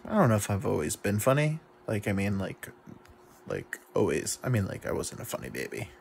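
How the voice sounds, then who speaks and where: A man's voice: fairly low pitch, huge pitch swings, brisk, creaky, slight background noise. A drunk man rambling to the camera, self-deprecating and full of fillers. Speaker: YouTube comedian. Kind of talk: rambling confessional monologue to camera.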